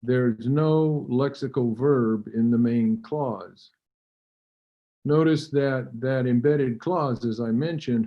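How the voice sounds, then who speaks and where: A man giving an academic lecture, measured and halting, with fillers and occasional throat clearing. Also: mid-range voice, dark tone. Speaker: linguistics lecturer. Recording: dull lo-fi recording.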